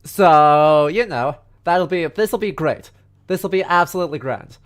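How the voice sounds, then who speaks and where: Man, stuffy nose, casual livestream lecture, joking asides, slightly high voice. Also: unhurried. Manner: chatty and joking, many fillers and asides. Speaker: history streamer. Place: home in the countryside.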